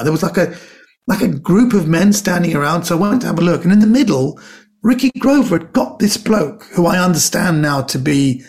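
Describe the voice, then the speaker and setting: Lively man telling animated stories. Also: a little high. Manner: lively storyteller who acts out quoted voices. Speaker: comedian guest.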